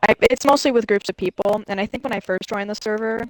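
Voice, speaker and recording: A teenage girl chatting as a guest, hesitant and halting with fillers. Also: mid-range voice, slight background noise, low-quality recording. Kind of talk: casual chat.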